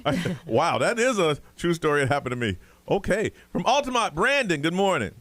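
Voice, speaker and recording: A man's voice: fairly high pitch, sing-song, fairly quick, a bit bright. A man hosting a morning call-in radio show, teasing and laughing often with callers.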